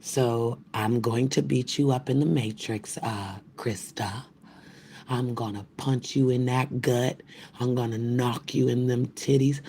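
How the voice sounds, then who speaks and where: Gravelly, profane older woman ranting. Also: extremely low pitch, fairly even intonation, measured pace, mellow, a little hiss or hum. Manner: profane, trash-talking, loose and rambling. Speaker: livestream host. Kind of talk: ranting live stream chat.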